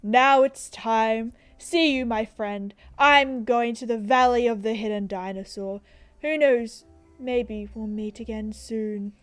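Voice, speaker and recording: A woman's voice: a little high, slow pace, smooth, dry recording, faint music behind. A woman with an Australian accent voicing a grandiose, self-important male balloon explorer in a video game. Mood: wistful.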